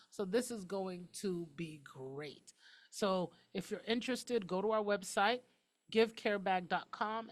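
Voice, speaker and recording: A woman hosting a talk show, talking quickly and emphatically in a casual, outspoken way. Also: medium pitch.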